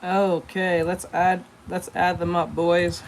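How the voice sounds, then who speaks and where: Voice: medium pitch, level tone, slow, slight background noise. A streamer chatting casually while drawing, blunt and crude and often mumbling to himself.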